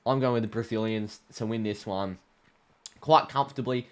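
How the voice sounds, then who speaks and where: Excitable Australian man predicting football. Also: lowish voice, moderate pace. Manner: excitable, many fillers and restarts. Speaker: football video creator.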